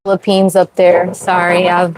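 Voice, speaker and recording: A young woman hosting a casual livestream from her sailboat at sea, chatty, full of "like" fillers and quick laughs. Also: fairly low pitch, monotone, noisy background. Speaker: sailing livestream host. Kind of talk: casual livestream chat with viewers.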